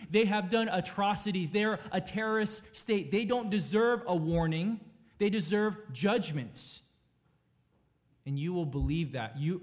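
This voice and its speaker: A man's voice: fairly high pitch, darkish tone. A man preaching a sermon as pastor, emphatic and dynamic, asking his listeners rhetorical questions.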